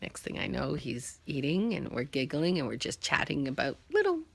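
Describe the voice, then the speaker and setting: A woman with a very gravelly, husky voice tells a personal story in a casual vlog. She acts out the dialogue as she goes and often sinks into a hushed whisper. Her tone is low-key and conversational. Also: wildly swooping pitch, normal speed, dry recording. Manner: often drops to a hushed whisper at tender moments. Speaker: vlogger.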